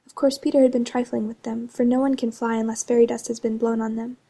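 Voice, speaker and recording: Hushed, husky woman reading a storybook. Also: on the high side, flat delivery, fast talker. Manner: hushed, partly whispered. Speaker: narrator. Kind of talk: soft-spoken storybook reading.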